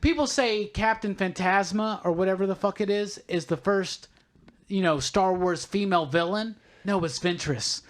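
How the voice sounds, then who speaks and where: A man co-hosting a casual podcast chat, an excited fan who keeps calling things badass. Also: sits high, normal speed. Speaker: podcast co-host.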